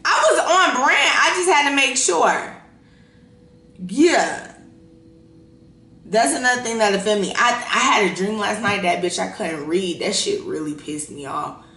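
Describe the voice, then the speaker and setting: A woman in her thirties with a bright, sharp voice, talking off the cuff in a profane and animated way and laughing through her own stories. Her voice rings in an echoey room. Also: mid-range voice, unhurried. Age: 30s. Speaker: podcast host. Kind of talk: casual unfiltered monologue.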